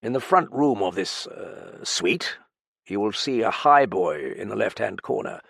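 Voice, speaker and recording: A proud, aloof older gentleman from an audiobook mystery, clipped and formal, voiced by a man. His harsh tone sits low and gravelly, recorded close and dry with no room around it. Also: expressive, unhurried, no echo, full character voice. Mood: cold, steady. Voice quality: harsh, stiff.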